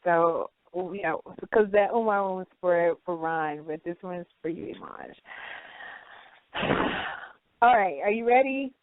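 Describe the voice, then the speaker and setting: A woman's voice: lowish voice, a little slow, long pauses, no room sound. A woman hosting a casual chat show, telling stories with frequent laughter. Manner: laughs often, animated storytelling. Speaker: host. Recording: tinny phone line.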